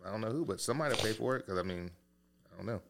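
A man's voice: lowish voice, expressive, racing, gravelly, a crowd in the background. A man co-hosting a casual podcast, telling loose, profane stories. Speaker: podcast co-host. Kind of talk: casual chat.

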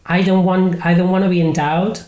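A man's voice: high voice, little pitch movement, a little fast, a little mellow, roomy sound, low-quality recording. A man with a Spanish accent, a native Spanish speaker, hosting a casual podcast chat and rambling with many fillers and restarts. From Spain. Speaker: podcast host and improv comedian.

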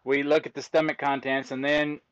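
Lively storytelling man, dry and dull sound. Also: medium pitch, brisk, clear, resonant tone, dry recording. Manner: lively storyteller acting out exchanges with commenters. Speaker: autopsy technician guest. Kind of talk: casual conversational explaining.

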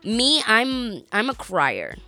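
A woman co-hosting a podcast tells a story in casual chat, animatedly acting out what people said. Her voice runs on the high side, and she speaks slowly.

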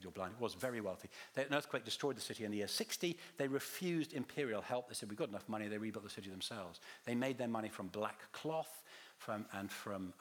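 A visiting Bible teacher, a man with a medium-pitched and slightly bright voice, gives a teaching talk to a congregation. He quizzes his listeners and restarts his phrases as he goes.

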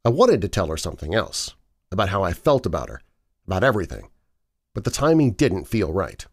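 Low-voiced man narrating a horror story. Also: huge pitch swings, husky. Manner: measured, dramatic first-person reading. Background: faint background music.

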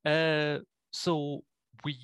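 A man's voice: fairly high pitch, a bit bright, clear, resonant tone, no echo. A man chatting casually about films on a podcast, with dry, wry humour. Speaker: podcast co-host. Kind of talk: casual film chat.

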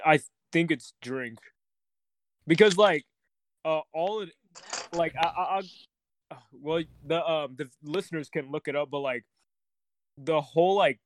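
A young man hosting a casual podcast chat, halting and restarting his sentences with many fillers. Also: a little high, a little hiss or hum.

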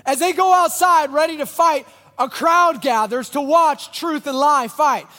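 High-voiced animated male preacher. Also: unhurried, big-room sound. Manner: animated storytelling, drops to quiet intensity. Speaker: pastor. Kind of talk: sermon.

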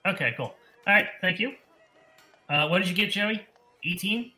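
A man narrating as game master on an online voice call, laughing often and filling pauses with "uh" and "um". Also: high voice, sharp tone, soft background music. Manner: laughs often, fills gaps with "uh" and "um". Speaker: dungeon master.

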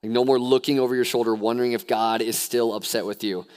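A young man preaching a sermon as pastor, animated, swinging from hushed lows to excited near-shouts. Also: quick pace, few pauses, clean tone. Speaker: youth pastor.

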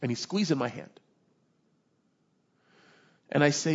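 A man's voice: fairly high pitch, a little slow, pauses often, breathy edge, dull audio. A man preaching a sermon as pastor, impassioned and conversational, often asking his listeners to agree.

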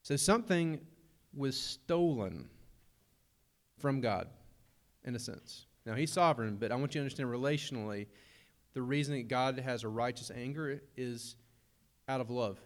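A man's voice: mid-range voice, normal speed, long pauses. A young adult man, preaching a sermon in a conversational way with humorous asides. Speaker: pastor.

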